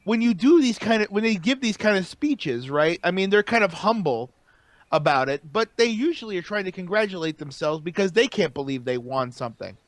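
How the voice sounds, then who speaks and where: High-voiced, excitable podcast man. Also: a little fast, no room sound. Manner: animated, profane, emphatic. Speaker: podcast co-host. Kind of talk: casual wrestling podcast chat.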